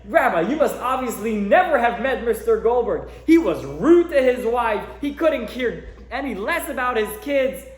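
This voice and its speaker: A cranky old man bellows from the back row, high-pitched and indignant, as a man puts him on. His voice leaps with scoffing disbelief, and the room echoes around it. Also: sing-song, normal speed, few pauses. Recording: roomy echo.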